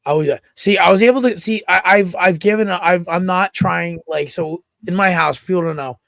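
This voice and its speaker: Male podcast co-host, high gravelly voice, dry close mic, excitable rambling sports chatter. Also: fairly quick, no room sound. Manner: rambling, excitable, with many restarts. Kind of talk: casual sports chat.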